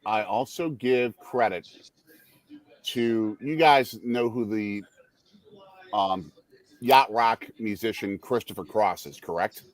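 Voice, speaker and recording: A man's voice: on the low side, slow, long pauses. A man co-hosting a casual sports watch-along, chatting between stories and calling the plays as they happen. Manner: chatty, jumps between stories and play calls. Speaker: podcast co-host.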